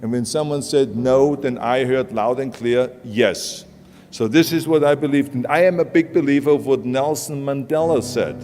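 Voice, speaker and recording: A man's voice: medium pitch, normal speed, few pauses, a little mellow, a little hiss or hum. A man from Austria with an Austrian accent giving a blunt, emphatic motivational speech in a large hall. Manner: emphatic, blunt, plain-spoken. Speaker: motivational speaker. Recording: hall reverb with music underneath.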